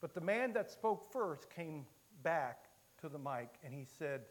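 A man from Illinois preaching a sermon, telling a story with many halting restarts. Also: a little high, animated. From Illinois, USA.

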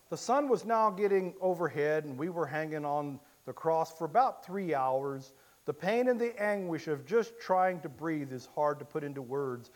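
A man preaching a sermon, telling the story in the first person and swinging from hushed, quiet lines to loud, impassioned cries. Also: a little high, lively intonation, measured pace.

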